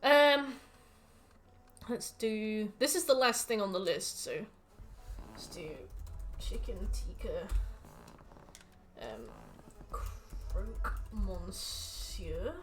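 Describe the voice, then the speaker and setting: English woman streamer, very animated delivery, faint game music behind, casual and profane. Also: mid-range voice, extremely slow, pauses often. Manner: swearing, reads out ingredients, jokey rants. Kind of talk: casual gameplay commentary.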